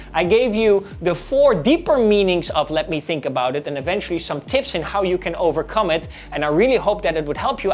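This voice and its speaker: A woman teaching real estate sales, acting out short client conversations as she explains. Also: on the low side. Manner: lively, coaching, acts out both sides of sales conversations. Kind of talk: instructional talk with role-played client dialogue.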